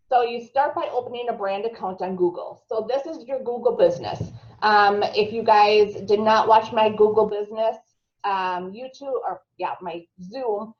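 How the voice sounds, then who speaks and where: A woman's voice: medium pitch, normal speed, darkish tone, echoey room, dull audio. A woman with a Minnesota accent giving a chatty, filler-heavy marketing lesson over a video call. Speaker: marketing trainer. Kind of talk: live video-call presentation.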